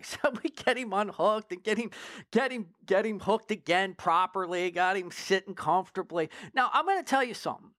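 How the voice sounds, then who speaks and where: A man's voice: sits high, normal speed, no echo, studio quality. A man, a former drug agent, telling a story in a casual interview, full of swearing and frequent "right?" check-ins. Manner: profane, animated storyteller who keeps checking in with "right?".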